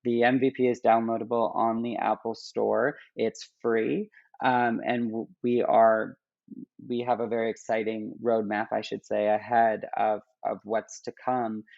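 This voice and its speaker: A man who is a guest on a podcast, talking about the app he works on, with halting speech full of restarts and fillers. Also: fairly low pitch, little pitch movement, gravelly, no echo, highs cut off. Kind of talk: casual interview talk.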